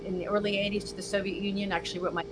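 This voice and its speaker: A woman in her sixties from Virginia, a music historian interviewed as a guest, telling her story in a lively conversational way and acting out the voices of people she quotes. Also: medium pitch, racing, very noisy. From Virginia, USA. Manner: animated storyteller who acts out quoted dialogue.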